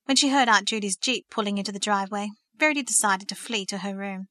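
A woman narrates a story in an earnest, steady manner. Her voice is bright, and the recording is close and dry with no room sound. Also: mid-range voice, fast talker, no echo. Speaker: audiobook narrator. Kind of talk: scripted narration.

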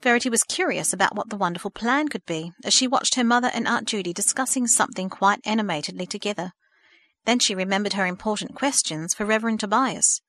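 A woman reads a story aloud in a steady, measured storytelling voice at a middle pitch. The recording is dry and close, with no room echo. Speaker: narrator. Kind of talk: scripted storybook narration.

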